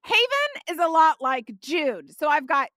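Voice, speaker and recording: A woman's voice: sits high, very animated, a little slow, sharp tone, no echo. Bubbly woman podcast host. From Texas. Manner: chatty and effusive, says y'all and okay a lot. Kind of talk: casual faith podcast chat.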